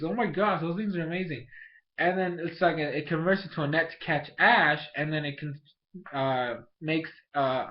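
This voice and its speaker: A man casually reviewing a cartoon episode, rambling with many restarts and fillers, getting excitable. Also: on the high side, muffled recording.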